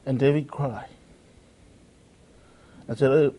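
Measured and medium in pitch, a warm-toned, mellow preacher gives an earnest sermon. He quotes scripture and returns again and again to repeat his phrases.

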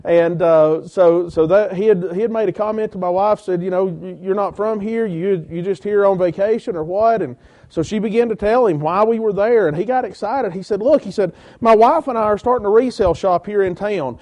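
A man's voice: sits high, normal speed, dark tone. A man from Georgia, a preacher telling his church-planting story in a sermon, acting out quoted conversations. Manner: storytelling with many quoted exchanges, rising intensity when quoting others. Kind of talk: sermon testimony.

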